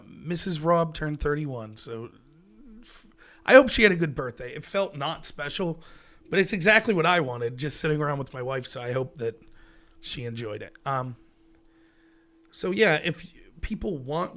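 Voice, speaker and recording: A man's voice: mid-range voice, expressive, normal speed, fairly bright tone. A man in his thirties with a Pittsburgh accent, hosting a livestream and chatting loosely with viewers. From Pennsylvania, USA. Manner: rambling, loose, chuckling often. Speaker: livestream talk show host. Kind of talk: casual solo chat with viewers. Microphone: headset.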